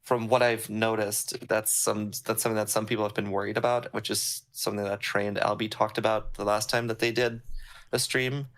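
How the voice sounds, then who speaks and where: Low-ish guy on a call mic, rambling sound design chat, lots of ums. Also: brisk. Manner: relaxed, rambling, many ums. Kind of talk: casual chat on a stream. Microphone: call microphone.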